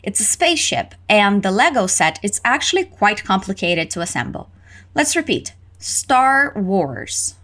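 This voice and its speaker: Slow, lively woman teaching English phrases. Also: mid-range voice. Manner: lively, exaggerated intonation for learners to repeat. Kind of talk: slow, clear repetition drills.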